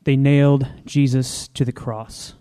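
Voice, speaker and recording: A man reading a scripture story aloud in a slow, solemn storytelling manner. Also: medium pitch, little pitch movement, mellow, smooth. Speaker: reader.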